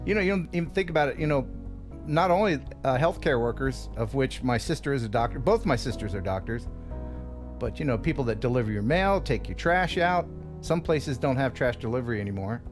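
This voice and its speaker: A man's voice: medium pitch, brisk, over music. A man hosting a live stream, joking around and reading chat messages. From USA. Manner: joking, animated. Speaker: host.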